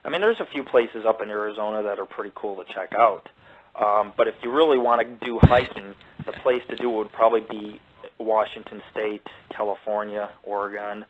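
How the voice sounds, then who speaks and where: A radio show host who also founded a paranormal group tells a story on his live show in blunt, heavily profane casual talk. His voice is on the low side and brisk, with phone-quality sound.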